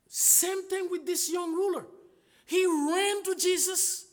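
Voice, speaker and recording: A man's voice: very high voice, fairly even intonation, slow. A man preaching a sermon, emphatic, asking rhetorical questions and retelling stories in voices.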